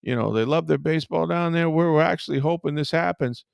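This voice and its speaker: A man putting on the voice of an eager, friendly male ballplayer who gushes with excitement, his voice pitched well above his own. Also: fast, vocal fry, dry recording, studio quality. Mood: excited. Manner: enthusiastic, gushing, loose and casual.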